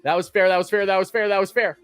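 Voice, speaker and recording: A man with a high voice calls a game live as a fan, talking straight to his chat. He moves between easy pitch-by-pitch calls and loud, excited reactions, with faint music playing underneath. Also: quick pace, clear, resonant tone, no echo. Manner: chatty, addresses chat as "guys", swings from calm calls to loud outbursts. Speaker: fan commentator and streamer. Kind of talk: live play-by-play fan commentary.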